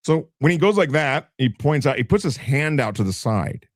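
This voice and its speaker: A man streaming late at night, mocking a clip with crude, animated commentary. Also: on the high side, normal speed, soft background music.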